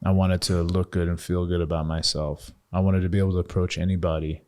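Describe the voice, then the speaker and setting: A man in his thirties talks on a casual podcast in a lowish voice. He is open and reflective, and he pokes fun at himself as he goes. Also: flat delivery, fast talker, a little mellow. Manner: candid, reflective, self-mocking humor. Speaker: podcast co-host and coach.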